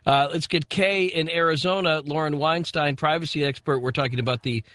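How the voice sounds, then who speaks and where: A man hosting a radio call-in show, moving callers along briskly. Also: fairly high pitch, steady tone, a bit bright, no room sound. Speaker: radio talk show host.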